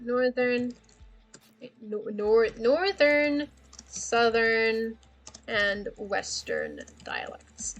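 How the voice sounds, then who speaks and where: A woman's voice: on the high side, sing-song, extremely slow. A woman livestreaming casually, rambling and thinking aloud with frequent laughter. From Australia. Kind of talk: casual livestream chat about worldbuilding.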